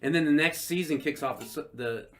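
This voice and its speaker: A man co-hosting a casual podcast, talking loosely with lots of swearing and acting out quotes in high voices. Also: fairly quick. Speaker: podcast co-host. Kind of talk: casual drinking-podcast chat.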